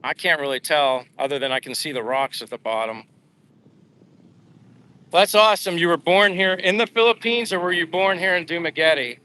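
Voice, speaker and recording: A man's voice: a little high, expressive, normal speed, pushed and bright. A man from the United States chatting casually on a live stream while out on his daily walk outdoors, reading viewer comments aloud with lots of fillers. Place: outdoors on a seaside boulevard.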